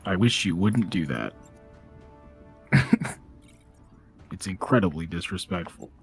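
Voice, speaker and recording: Low-voiced man thinking aloud while gaming. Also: expressive, takes it slowly, vocal fry, faint music behind. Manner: rambling, thinks aloud with many fillers. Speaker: let's play co-player. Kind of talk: casual gaming chat.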